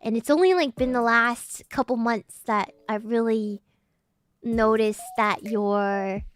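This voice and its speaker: A woman's voice: fairly high pitch, slow, a little hiss or hum. A woman streamer chatting casually with her live chat, reading messages and thanking viewers. She talks in a posh, slightly uppity-sounding English and giggles often. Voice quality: formerly very nasal, now loosened.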